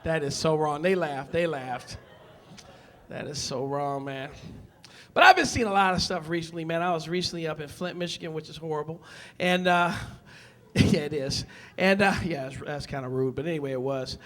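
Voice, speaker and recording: A stand-up comedian man from Detroit works a club stage through a handheld mic. His voice sits high and bright, and his delivery is punchy and loud as he acts out characters. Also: moderate pace.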